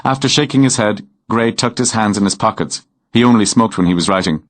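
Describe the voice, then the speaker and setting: Guy reading a romance novel, deeper voice, steady and unhurried. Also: dry recording. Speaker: audiobook narrator. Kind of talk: scripted novel narration.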